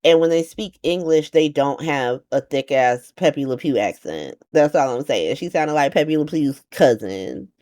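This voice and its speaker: A woman giving a casual, slangy recap of a soap opera, sarcastic and animated, acting out the characters' lines in playful voices. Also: low-pitched, measured pace, hardly any pauses.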